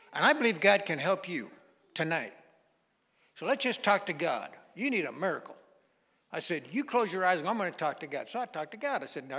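Preaching as a guest in a church sanctuary, this man spins a folksy sermon story and performs its dialogue himself. He has a high voice with a fairly bright tone, and the audio carries long hall reverb.

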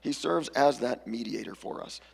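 A male pastor gives a casual, storytelling sermon, now and then jumping into lively voices for the people in his stories. His voice is very gravelly and a little husky. The sound rings with the long reverb of a church hall. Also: medium pitch, moderate pace. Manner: conversational storytelling, animated character voices. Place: church sanctuary.

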